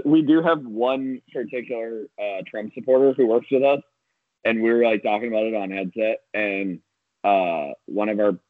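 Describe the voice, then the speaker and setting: A man who works at a coffee shop chatting casually, animated and quick to laugh. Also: fairly low pitch, no room sound, narrow, tinny audio. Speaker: Starbucks worker. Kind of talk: casual chat.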